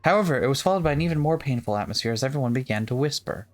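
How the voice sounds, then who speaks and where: A let's-play co-host reading a visual novel's narration aloud, playful and quick to joke between passages. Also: mid-range voice, expressive. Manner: playful, breaks into laughter and jokes.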